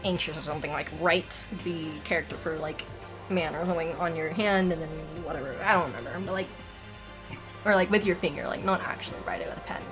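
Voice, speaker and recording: A young woman streamer giving rambling, animated commentary while playing a video game. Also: sits low, fast talker. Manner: rambling, animated, exasperated laughter. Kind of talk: casual let's play commentary. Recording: game music loud underneath.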